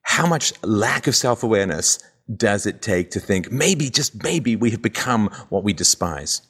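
A man hosting an interview, speaking in measured sentences and posing rhetorical questions. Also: fairly low pitch, expressive, fairly bright tone, slightly rough. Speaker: host. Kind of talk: interview commentary.

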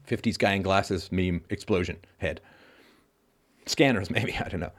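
Deep-voiced and unhurried, this call-in host gives a forceful philosophical monologue, hammering key lines through repetition. Now and then he mimics other people's reactions mockingly.

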